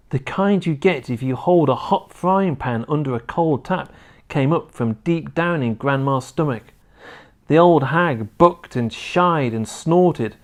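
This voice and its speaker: A man reading a children's book aloud in an expressive storytelling manner. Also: mid-range voice.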